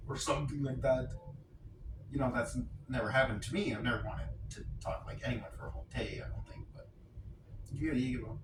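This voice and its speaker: A man's voice: medium pitch, steady tone, moderate pace. A man vlogging casually to camera, rambling and self-mocking, with a dry throat, recorded on a phone. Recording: roomy, distant phone recording, background hiss.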